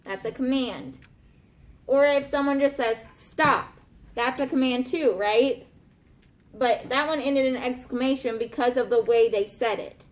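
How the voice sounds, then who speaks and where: A woman with a high voice teaches a grammar lesson in a classroom. She is patient and keeps checking in with her pupils, asking "okay?" and "right?" after almost every point. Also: normal speed. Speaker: elementary school teacher.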